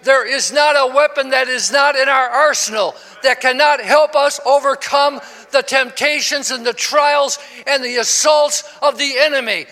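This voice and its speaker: High-voiced older man preaching in a reverberant church. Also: moderate pace, hardly any pauses. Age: 60s. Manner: preaching, swelling to shouts with call and response. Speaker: pastor. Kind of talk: sermon. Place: church sanctuary. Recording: long reverb of a church hall.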